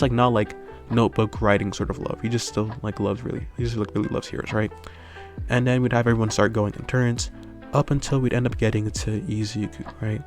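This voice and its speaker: A man's voice: fairly low pitch, a little mellow. A man improvising a fan story aloud in a rambling way, full of fillers and tag questions. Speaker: channel host.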